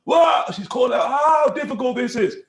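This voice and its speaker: A man giving an animated religious lesson, acting out voices and laughing often as he teaches. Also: extremely high pitch, normal speed, reverberant.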